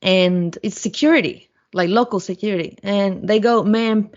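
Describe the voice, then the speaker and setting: Woman podcast guest, blunt and profane storyteller, mid pitch, muffled lo-fi audio. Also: normal speed. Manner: blunt, profane, animated retelling. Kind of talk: casual storytelling.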